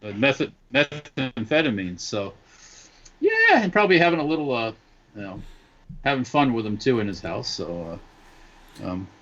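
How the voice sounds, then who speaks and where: Halting man on a dull call line. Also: mid-range voice. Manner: halting, many fillers and restarts, animated. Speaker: podcast guest. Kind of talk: casual chat over a call. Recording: dull lo-fi video call audio.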